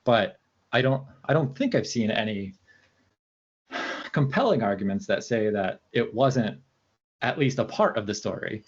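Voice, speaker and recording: A man's voice: lowish voice, expressive, a little slow, pauses often, slightly rough, dull audio. A man being interviewed as a researcher, talking casually and hesitantly, with lots of fillers and restarts. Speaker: researcher guest.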